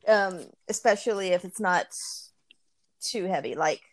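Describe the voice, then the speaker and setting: A woman's voice: mid-range voice, unhurried. A woman co-hosting a podcast in casual chat, laughing often and repeating words as she talks. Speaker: podcast co-host.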